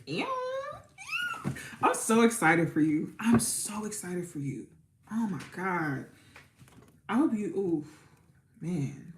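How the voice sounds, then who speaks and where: A woman tarot reader talks to her viewers in a loose, chatty way and often repeats her words. Her voice sits a bit low, and the room gives it a noticeable echo. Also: expressive, takes it slowly, pauses often, a little hiss or hum. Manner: warm, chatty, repeats herself, near tears at times. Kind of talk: casual livestream chat and spoken prayer. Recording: roomy echo.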